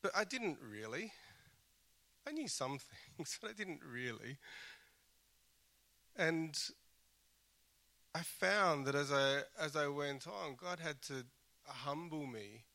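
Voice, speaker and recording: A man giving a sermon, with a bright and forceful voice. He talks earnestly and conversationally, restarts phrases as he thinks aloud, and drops in the odd dry self-deprecating joke. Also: on the high side, expressive, slow, creaky, pauses often. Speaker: pastor.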